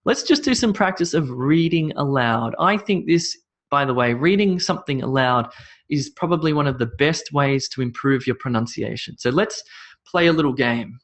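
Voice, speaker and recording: A man's voice: medium pitch, expressive, normal speed. A man teaching English pronunciation, repeating words with shifting stress and laughing off his own slips. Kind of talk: spoken English lesson.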